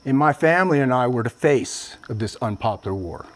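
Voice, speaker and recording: A man's voice: mid-range voice, expressive, fairly quick. Earnest man telling a personal story. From Vietnam. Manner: earnest storytelling, addresses audience as guys and man. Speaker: motivational speaker. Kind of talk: public speech.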